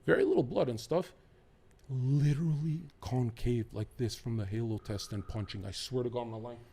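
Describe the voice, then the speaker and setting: A man's voice: medium pitch, normal speed, mellow, husky. A man talking as a podcast guest, rambling and swearing as he jumps from one topic to the next. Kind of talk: casual podcast chat.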